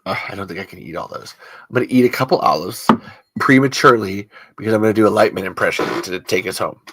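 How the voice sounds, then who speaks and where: A man's voice: lowish voice, fast, noisy background. A man hosting a podcast, rambling and joking in casual chat. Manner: rambling, joking, self-mocking. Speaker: podcast host.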